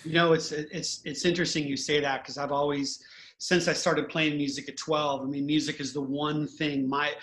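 A man's voice: fairly high pitch, little pitch movement, moderate pace, fairly bright tone, slight background noise. A man hosting a casual podcast chat, an earnest and heartfelt musician who speaks in a grateful tone. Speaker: host and band musician.

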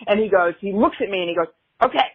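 A woman co-hosting a podcast in casual chat, an animated storyteller who swears freely. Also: medium pitch, quick pace, slightly rough. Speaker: podcast co-host. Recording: tinny phone-like audio.

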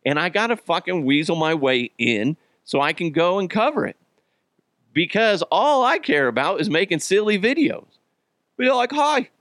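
A man's voice: a little high, very animated, moderate pace, a bit bright, dry recording, studio quality. A man hosting a casual solo podcast, rambling and joking at his own expense, swearing freely and laughing often while he's a bit sick. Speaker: podcast host.

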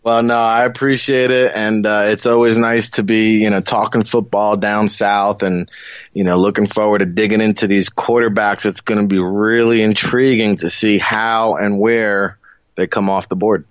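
A man's voice: fairly low pitch, flat delivery, normal speed, clean tone, no room sound. A man with a New Jersey accent, a guest analyst talking eagerly in a rambling casual way, peppered with "you know". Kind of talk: casual interview talk. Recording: dull lo-fi remote line.

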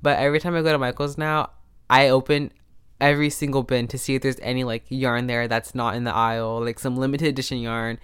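He's a podcast host with a medium-pitched, clear, resonant voice that is a bit bright, delivered flatly and a little fast into a podcast microphone. He rambles casually through a story, breaking in on himself with restarts and asides.

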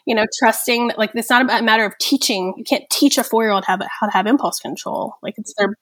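A woman in her thirties, a therapist appearing as a podcast guest, talks quickly in a rather high, slightly bright voice with no echo. She's earnest and reflective, frequently adding "right?" and "like".

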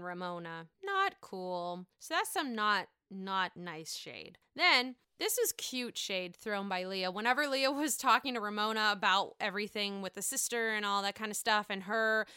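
A woman's voice: mid-range voice, animated, moderate pace, few pauses, sharp tone, clear, resonant tone, no room sound, clean studio sound. A woman giving a casual, gossipy recap of a reality show and breaking into put-on voices when she quotes people.

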